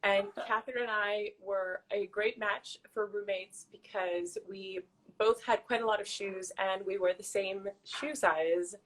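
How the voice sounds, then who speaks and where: A woman in a mid-range voice hosts a relaxed chat with an old roommate. She reacts quickly and laughs easily. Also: mid-range voice. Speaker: host. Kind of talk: casual video chat.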